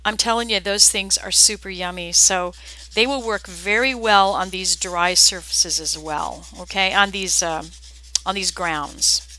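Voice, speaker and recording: A woman's voice: lowish voice, a little slow, sharp tone, low-quality recording. A woman with a Southern US accent giving a live painting lesson, chatty and folksy, talking straight to her viewers. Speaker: art instructor. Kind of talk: live-streamed painting demonstration.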